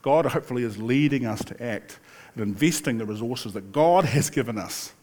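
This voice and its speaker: An older man delivers a sermon as if telling stories among friends, easygoing and conversational. His voice sits in an ordinary middle pitch, and he breaks off now and then for a laugh or an aside. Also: expressive, moderate pace, darkish tone, a little hiss or hum. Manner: chatty storytelling with laughs and asides. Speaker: pastor.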